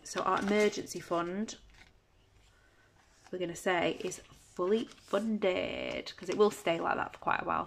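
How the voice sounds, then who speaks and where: A woman chatting casually at home as a budgeting vlogger, counting banknotes aloud in a steady patter. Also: fairly low pitch, gravelly, a little hiss or hum. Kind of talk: casual chat while counting cash.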